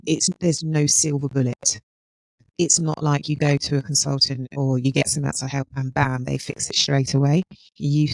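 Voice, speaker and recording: A woman talks through a solo podcast episode with a gravelly, creaky texture to her voice. The sound is close and dry, with no room around it. She speaks in a measured way, posing a run of reflective questions to her listeners. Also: deep voice, darkish tone, no room sound, poor audio. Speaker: podcast host and healthcare consultant.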